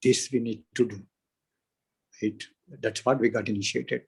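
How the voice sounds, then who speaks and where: A man speaking on a video call, emotional and near tears, halting and grateful. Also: medium pitch, fairly even intonation, creaky, breathy edge, rough recording. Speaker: devotee caller.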